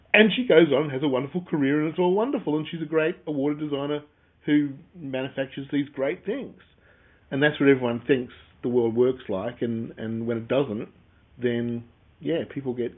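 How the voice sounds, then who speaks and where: A man, co-hosting a casual chat and steering it along with prompting questions. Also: mid-range voice. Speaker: co-host. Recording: phone-like narrow sound.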